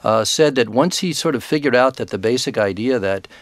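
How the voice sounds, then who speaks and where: A man who is an author and guest expert in a radio interview, speaking in a thoughtful, measured way with frequent hesitations. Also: medium pitch.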